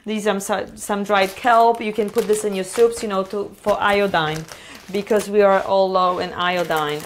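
A woman's voice: mid-range voice, steady tone, normal speed, slight background noise. A woman hosting a live cooking stream from her home kitchen, chatting eagerly with lots of fillers and restarts. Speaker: cooking show host.

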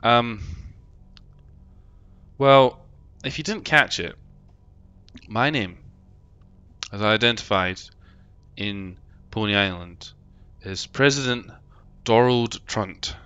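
A man's voice: fairly low pitch, slow, long pauses, bright, forceful tone, smooth, no room sound, lo-fi sound. A man with a London accent chatting casually and joking while he streams a game and reads out chat messages. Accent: London English. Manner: rambling, jokey, swears casually, reads out chat. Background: game music.

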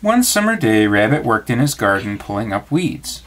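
A man reads a bedtime storybook aloud to his child in an expressive storytelling voice. His pitch moves in lively swings, rising and falling through each sentence. The reading is warm-paced and animated. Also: moderate pace.

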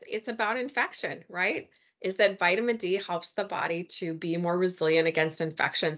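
Bright-voiced lady doing a health webinar at her computer, chatty and excited. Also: lowish voice. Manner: enthusiastic, chatty, with folksy asides. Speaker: health presenter. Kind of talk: webinar presentation.

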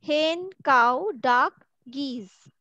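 Patient woman teacher, high and slow, running an online question drill. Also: bright, forceful tone, highs cut off, a little hiss or hum. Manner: repeats words and questions patiently. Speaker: school teacher. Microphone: video call from home.

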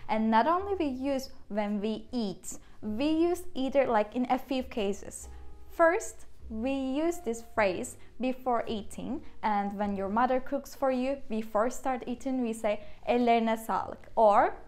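A woman's voice: on the high side, a little slow, a little mellow. Upbeat Turkish-accented woman teaching phrases. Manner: chatty and upbeat, explains with examples. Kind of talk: casual video lesson.

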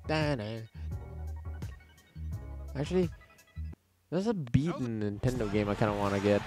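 A man's voice: medium pitch, expressive, moderate pace, over music. Profane, rambling young gamer man. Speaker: gaming channel host. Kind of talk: casual gameplay commentary.

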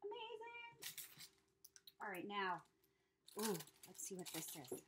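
A woman from Maine with a Maine accent, chatting casually and gushing excitedly as she unboxes craft mail at home. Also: fairly low pitch, a little fast, heavy background noise. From United States. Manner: gushing, excitable, exclaims often. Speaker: crafting YouTuber. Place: snowed-in home with a dog nearby.

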